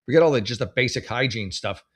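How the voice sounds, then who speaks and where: A man's voice: mid-range voice, lively intonation, fast talker. A man in his forties hosting a comedy advice show, reading posts aloud and reacting with sarcastic, rambling, exasperated commentary. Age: 40s.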